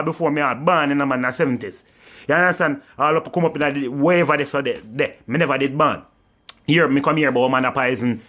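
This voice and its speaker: A man's voice: on the high side, fairly bright tone. A man with a Jamaican accent, talking as a vlogger in a sarcastic spoken rant. He mocks by repeating "well done" and keeps tagging his lines with "you understand".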